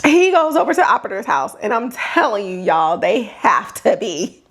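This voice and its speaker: A woman podcast host giving a casual TV episode recap in an animated way, with slang and frequent laughter. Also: mid-range voice, moderate pace, breathy edge.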